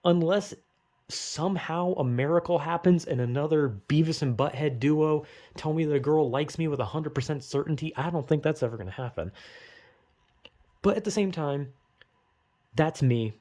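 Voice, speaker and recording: A man's voice: a little high, moderate pace, mellow. A young man in a rambling, emotional personal monologue, swearing often and running himself down, with bursts of urgent pep talk. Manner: rambling, swears a lot, self-critical.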